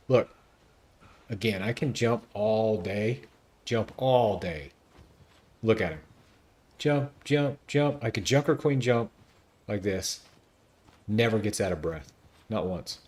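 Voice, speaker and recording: A man streaming a video game, chatting casually and joking as he thinks out loud. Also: fairly low pitch, expressive, a little slow, long pauses. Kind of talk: casual gameplay commentary.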